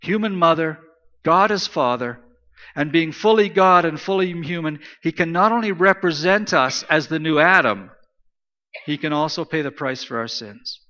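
A man's voice: a little high, moderate pace, sharp tone, lo-fi sound. Emphatic male preacher in a reverberant hall. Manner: emphatic, repetitive preaching cadence. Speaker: pastor. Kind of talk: sermon.

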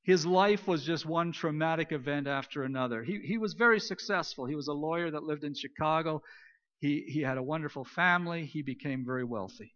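A pastor preaching a sermon, retelling stories and moving between loud emphasis and soft, hushed lines. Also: male voice, fairly high pitch, brisk. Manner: storytelling, swings between loud emphasis and near-whispered quiet. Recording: dull lo-fi recording.

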